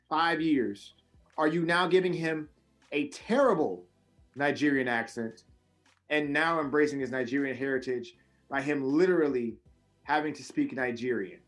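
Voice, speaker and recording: A man co-hosting a casual wrestling podcast, ranting in an animated, profane way, swinging from loud high outbursts to low mutters. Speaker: podcast co-host.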